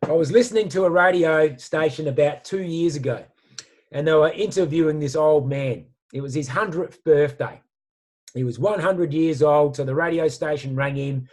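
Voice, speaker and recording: A man speaks with lively, slangy enthusiasm, pitched a little high for a man. He sounds like a motivational speaker telling stories over a video call. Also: moderate pace. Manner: animated, storytelling with slang. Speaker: guest speaker. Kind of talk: motivational talk.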